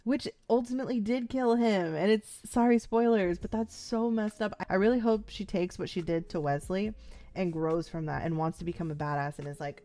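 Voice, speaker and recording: In a warm, mid-range voice at normal speed, a young vlogger talks casually through her first viewing of a TV show. She rambles, leaning on "like" and "um," and playfully performs characters' lines.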